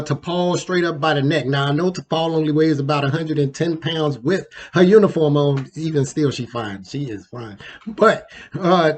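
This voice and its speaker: Casual man with a slightly high voice. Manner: loose, conversational, digressive with fillers and slang. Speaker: host. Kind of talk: casual ranking commentary.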